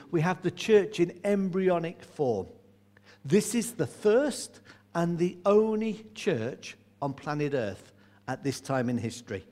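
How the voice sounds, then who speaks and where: A man's voice: fairly high pitch, darkish tone. A man, a church elder, preaching a sermon in a chatty storytelling way, asking his listeners questions.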